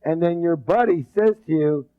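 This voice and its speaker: Energetic male leadership trainer, call-and-response. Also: a little high, moderate pace. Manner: rambling restarts. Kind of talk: live seminar lecture. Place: seminar room. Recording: dull lo-fi recording.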